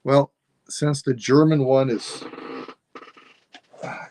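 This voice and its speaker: A man selling items on a live stream, thinking aloud in a rambling, unhurried way as he describes each piece. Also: medium pitch, fairly even intonation, dark tone, slight background noise. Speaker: online seller. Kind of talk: live-stream sales chat.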